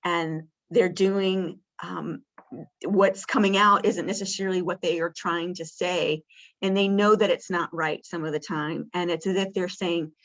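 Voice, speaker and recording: A woman's voice: on the low side, steady tone, measured pace, muffled recording. A woman presenting a session on communicating with people with dementia, talking casually with lots of fillers and acting out what a caregiver might say. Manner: warm conversational teaching with many fillers; acts out caregiver lines in a bright, lifted voice. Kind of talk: interactive training session.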